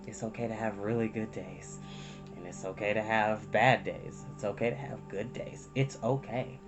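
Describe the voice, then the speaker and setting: A man hosting a storytime channel, talking candidly and emotionally to his viewers, soft-spoken and close to tears, with many pauses. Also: lowish voice, vocal fry, music in the background. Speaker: storytime reader. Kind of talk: candid personal talk to viewers.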